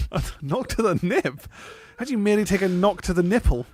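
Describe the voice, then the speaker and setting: A man's voice: high-pitched, lively intonation, a little fast, breathy edge, no echo. A man voicing a timid, goofy young male army recruit who talks nervously and cracks jokes. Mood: wisecracking. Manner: nervous, wisecracking. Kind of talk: hobby script read-through.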